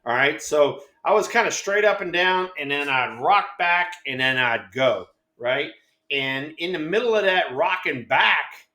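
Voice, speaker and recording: Animated profane storytelling man, echoey room. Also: on the high side. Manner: animated, profane, acts out quotes in voices. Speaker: co-host, former ballplayer. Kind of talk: casual storytelling chat.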